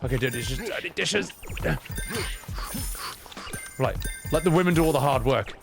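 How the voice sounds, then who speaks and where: Animated, joking male streamer. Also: mid-range voice, normal speed, creaky, over music. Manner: animated, joking, self-deprecating rants. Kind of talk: casual game-stream commentary.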